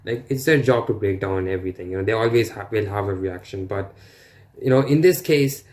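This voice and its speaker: Low-voiced rambling reaction host, a man. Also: brisk, darkish tone, soft background music. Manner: rambling, lots of fillers and crude asides. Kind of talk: casual reaction commentary.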